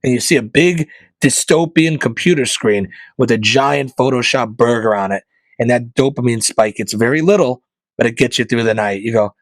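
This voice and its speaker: On his podcast, a male comedian speaks at a moderate pace in a medium pitch, delivering a sarcastic rant with a conspiratorial edge. He imitates corporations in mocking voices, and the audio has no room sound.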